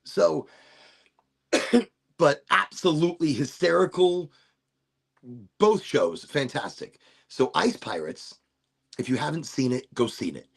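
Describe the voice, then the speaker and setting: A middle-aged man rambles through a casual livestream chat while high, laughing and poking fun at himself. His voice is gravelly and a little husky, sits fairly high for a man, and swoops widely in pitch. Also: animated, slow pace, pauses often. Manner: rambling, laughing, self-mocking. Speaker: livestream host.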